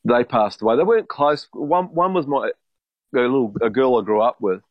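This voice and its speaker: A man's voice: medium pitch, moderate pace, no room sound. A man in his fifties from New Zealand, telling long rambling stories in a casual chat, with frequent restarts and swearing. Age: 50s. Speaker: podcast co-host. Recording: dry, muffled podcast audio.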